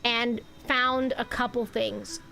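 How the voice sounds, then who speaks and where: A woman's voice: on the high side, fairly even intonation, slow pace, gravelly, sharp tone. A woman livestreaming a video game, chatting playfully and rambling with her viewers. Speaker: streamer. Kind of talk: live game-stream chat. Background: faint game music.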